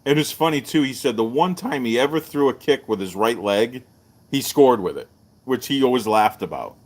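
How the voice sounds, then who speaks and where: A middle-aged man, hosting a live-streamed martial arts show and telling stories in a loose, animated way. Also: normal speed. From Texas. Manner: animated storyteller, jumps up in pitch for quoted voices. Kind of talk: casual storytelling to a live stream.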